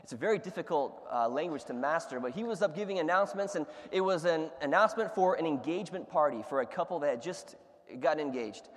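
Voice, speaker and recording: A man preaching a sermon, telling funny stories in an animated way and laughing along. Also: a little high, fast, long reverb tail. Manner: animated storyteller, laughs at his own stories. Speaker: pastor.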